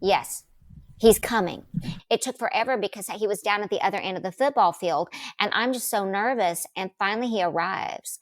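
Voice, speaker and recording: A middle-aged woman, a guest on a talk show, telling a story with lively quoted voices. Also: moderate pace, no echo. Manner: lively, acts out quotes with big pitch jumps. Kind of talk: animated storytelling.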